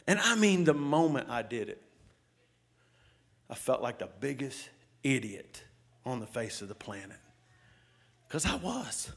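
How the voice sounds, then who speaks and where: A middle-aged man preaching as a pastor, telling stories and asking the congregation questions, swinging between loud outbursts and hushed asides. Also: medium pitch, very animated, measured pace, gravelly, pauses often, slightly rough. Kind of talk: sermon.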